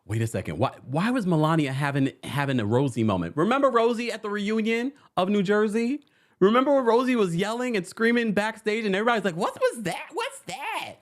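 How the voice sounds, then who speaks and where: High-pitched and a fast talker, he runs a casual recap of a reality show. His delivery is animated as he chats with viewers, acts out quoted lines, and reads their comments aloud.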